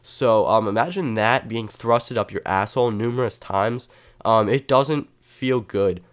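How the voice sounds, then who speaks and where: A man spins an improvised comedy story, rambling and profane, with plenty of ums and uhs. His voice sits a bit low and comes through smooth and clear. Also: unhurried. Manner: rambling, profane, full of fillers. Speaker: comedy vlogger.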